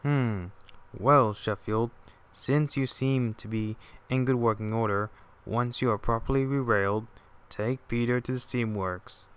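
A man playing a stern older gentleman who runs a railway, speaking firmly and giving orders. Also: mid-range voice, fairly even intonation, unhurried, clean tone, lightly acted. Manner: firm and businesslike, giving orders. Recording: music playing underneath.

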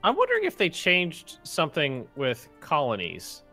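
Male player, animated pitch, jokey and inquisitive gaming banter. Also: moderate pace, soft background music. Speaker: game player. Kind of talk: casual multiplayer gaming chat.

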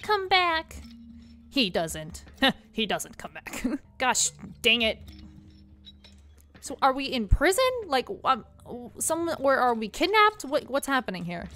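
A woman's voice: a little high, big pitch swings, unhurried, sharp tone. A young woman streamer chatting and giggling through a game, reading its text aloud, with music faintly behind. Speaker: gaming streamer. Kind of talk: let's play commentary.

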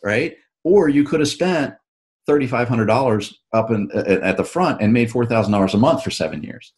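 A man's voice: medium pitch, animated, moderate pace, a little mellow. A man, an author and show host, talking casually in an interview and explaining at length with frequent restarts.

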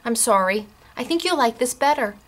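A woman hosting a craft shop video show, chatting through announcements in a bubbly, giggly way and spelling out names and numbers slowly. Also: on the high side, lively intonation. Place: craft store.

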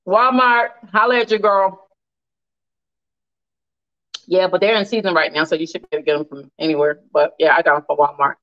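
A woman hosting a casual live cooking stream, animated and laughing often as she reads viewer comments aloud. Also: low-pitched, a little fast, pauses often, muffled recording.

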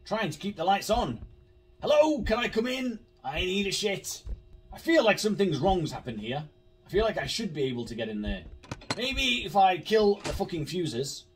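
A man's voice: on the high side, far from the mic. A man commentating a horror game, swearing a lot, jumpy and sarcastic. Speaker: gaming YouTuber.

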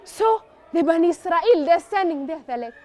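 A woman narrating a religious story for children in an animated way, often asking her listeners questions. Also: extremely high pitch, a little fast.

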